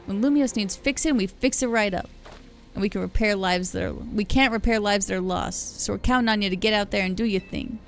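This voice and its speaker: A brash construction crew boss with a put-on Boston-style accent, as a woman reads her lines aloud. Gruff and folksy, she calls everyone kid. Faint game music plays underneath. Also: mid-range voice, fairly quick, lightly acted. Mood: bossy, folksy. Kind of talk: reading game dialogue aloud.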